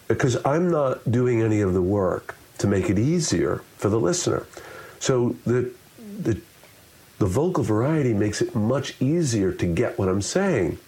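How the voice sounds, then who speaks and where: A man's voice: lowish voice, moderate pace. A man explaining public speaking as an interview guest, talking expressively and demonstrating different ways of saying things. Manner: expressive, demonstrates with shifting delivery.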